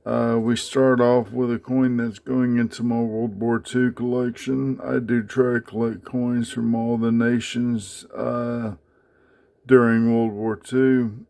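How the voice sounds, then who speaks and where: Slow, gravelly man showing his coins. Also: mid-range voice, a little mellow. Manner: unhurried, many fillers, speaks haltingly while handling items. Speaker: coin collector showing his collection. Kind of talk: casual show-and-tell vlog.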